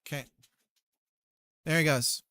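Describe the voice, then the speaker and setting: A man's voice: slow pace, sharp tone, no echo. A man chatting casually and playfully to his live-stream audience, rambling as he goes. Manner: rambling and playful, talking to chat while eating.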